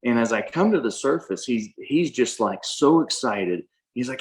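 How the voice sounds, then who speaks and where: A man's voice: medium pitch, expressive, normal speed, low-quality recording. A man on a video call, earnestly recounting a spiritual experience in a casual way, often restarting his sentences. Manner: earnest storyteller with frequent restarts.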